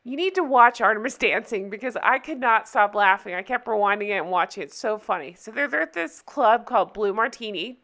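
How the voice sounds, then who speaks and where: Woman chatting through a show recap, keeps cracking up, kinda high voice. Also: animated, fairly quick, few pauses, fairly bright tone. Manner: giggly, keeps breaking into laughter. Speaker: recap vlogger. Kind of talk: casual TV episode recap.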